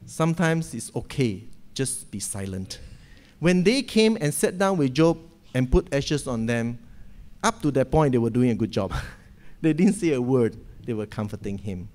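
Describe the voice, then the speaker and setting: A man preaching a sermon from a church pulpit, retelling a story in a lively way and often checking in with "okay?". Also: mid-range voice, moderate pace.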